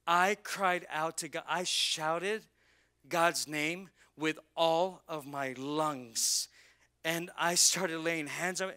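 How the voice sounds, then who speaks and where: Man, pastor, church sermon, fervent, bright forceful voice. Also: fairly high pitch. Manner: emotional, rising to loud fervent preaching. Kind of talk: sermon with personal story.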